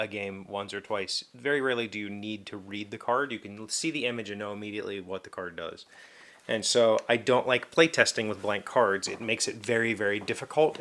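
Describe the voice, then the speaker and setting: A man's voice: fairly low pitch, a bit bright, slight background noise. A man hosting his daily show, chatting casually while he works, rambling with plenty of fillers and restarts. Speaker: host of a daily video show. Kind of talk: casual chat while working.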